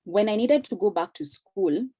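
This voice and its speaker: A woman's voice: medium pitch, lively intonation, moderate pace, mellow, breathy edge, dry recording. A woman speaking earnestly on a video call, explaining career advice in a conversational way and acting out short example phrases.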